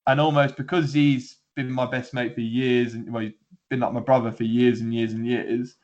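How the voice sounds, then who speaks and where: A man's voice: mid-range voice, little pitch movement, normal speed, darkish tone, highs cut off. Rambling, laughing man. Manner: rambling, laughing, many restarts. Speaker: podcast co-host. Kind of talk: casual chat.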